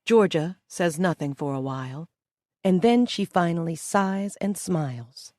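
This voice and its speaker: A woman narrating a first-person psychological thriller audiobook in a steady, measured way. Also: on the low side, no echo, clean studio sound.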